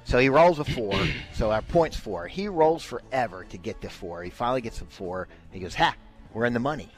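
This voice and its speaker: Man telling a lively story on radio. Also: medium pitch, moderate pace. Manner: animated, acts out quoted lines. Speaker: radio show host. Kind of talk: casual storytelling chat.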